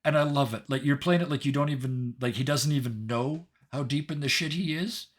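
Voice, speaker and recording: A man running a tabletop game, narrating the scene and thanking his players in a chatty, animated way with many fillers. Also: medium pitch, brisk. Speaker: game master.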